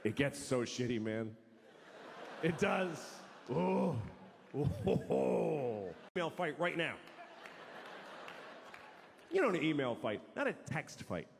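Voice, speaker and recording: Animated, profane stand-up comedian man. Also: on the high side, slow, gravelly, pauses often. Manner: profane, acts out quoted voices. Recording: long hall reverb, faint noise.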